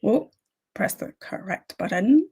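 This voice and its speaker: A woman's voice: mid-range voice, lively intonation, measured pace, vocal fry, darkish tone, slightly rough. A woman hosting a casual livestream, greeting viewers by name and chatting about her plans. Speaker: livestream host.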